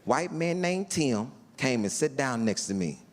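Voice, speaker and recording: Animated comedian man telling a story. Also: medium pitch, measured pace, big-room sound. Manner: animated, acts out other voices in his stories. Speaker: stand-up comedian. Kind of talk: stand-up storytelling.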